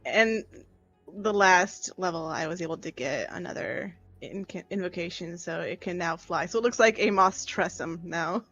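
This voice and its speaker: An upbeat, giggly woman chats with friends before a tabletop game and talks in quick bursts. Her voice comes over a slightly dull, muffled call line. Faint music plays behind her. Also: fairly low pitch, fairly bright tone. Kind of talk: casual chat before a game.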